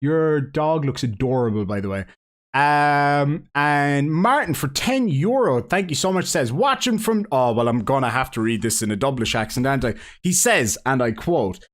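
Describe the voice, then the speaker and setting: An Irish man with a Cork accent chats casually on a live stream. He reads out donation messages and rambles with jokey, excitable asides, at an everyday middle pitch. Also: normal speed. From Ireland.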